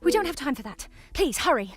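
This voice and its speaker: A woman's voice: sits high, sing-song, quick pace, soft background music. An actress playing an anxious young woman from a small town in a video game, speaking urgently and pleadingly.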